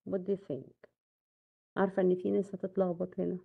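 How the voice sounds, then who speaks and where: A woman's voice: lowish voice, flat delivery, rapid-fire, gravelly, breathy edge, phone-quality sound. A woman English teacher with an Egyptian accent, a native Arabic speaker, giving a recorded lecture, switching between Arabic and English and quizzing her students.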